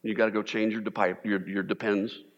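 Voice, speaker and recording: A man preaches to his congregation, lively and animated, now and then jumping into exaggerated panicked voices to make a point. His voice sits on the low side. A long reverb trails each phrase through the church hall. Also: a little fast, lo-fi sound. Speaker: pastor. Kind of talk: sermon.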